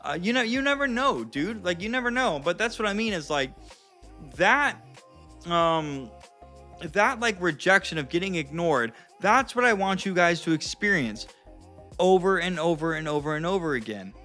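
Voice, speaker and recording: A man's voice: high voice, expressive, moderate pace, sharp tone, soft background music. A man of thirty giving casual coaching advice to viewers, chatty and profane, calling them guys and dude. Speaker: dating and confidence coach.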